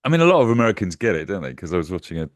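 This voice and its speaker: A man's voice: sits low, very animated, rapid-fire, no echo, studio quality. A man hosting a casual political chat over a video call, telling stories and acting out the voices of the people in them. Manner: storytelling, acts out quoted voices. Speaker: host.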